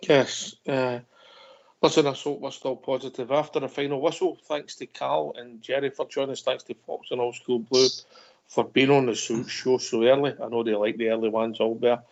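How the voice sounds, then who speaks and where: A man hosts a football phone-in in casual chat. He talks in a measured, hesitant way with a gravelly voice. His voice sits in a middle range, and the audio is dull and lo-fi. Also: mid-range voice, little pitch movement, a little mellow. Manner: measured, hesitant, fills with "uh" and "mate". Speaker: host.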